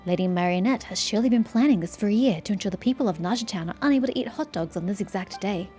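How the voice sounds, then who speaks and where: A woman's voice: mid-range voice, rapid-fire, warm tone, close to an everyday voice. A woman puts on a paranoid townsman in a fantasy game who insists on hidden plots. He is conspiratorial and sure of himself, with faint game music behind.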